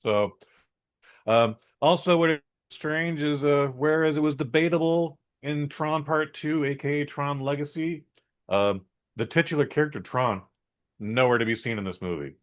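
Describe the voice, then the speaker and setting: A man's voice: a little high, normal speed. A man co-hosting a podcast, giving a blunt, rambling and opinionated movie review in a casual chat. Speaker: podcast co-host.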